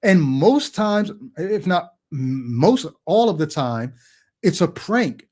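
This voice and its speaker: A man's voice: fairly high pitch, takes it slowly. A man hosting a call-in livestream, talking straight to the chat and telling stories with acted-out quotes. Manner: animated storytelling, acts out quoted voices; talks to the chat directly. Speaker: call-in show host. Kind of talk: livestream monologue.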